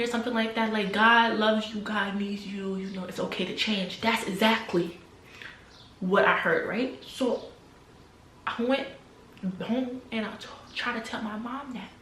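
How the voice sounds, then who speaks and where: A young adult woman telling a personal story to camera in a casual, animated way, repeating phrases and sometimes dropping to a near-whisper. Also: medium pitch, roomy sound, a little hiss or hum. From New Jersey, USA. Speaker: vlogger.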